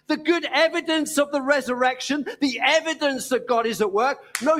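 A man with a Cockney accent from East London preaching a sermon in an earnest, gently emphatic way, pausing often. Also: extremely high pitch.

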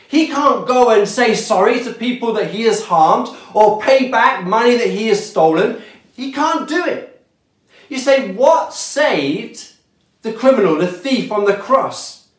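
A pastor delivering a sermon with slow, deliberate preaching, letting key words fall softly for emphasis. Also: mid-range voice. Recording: echoey room.

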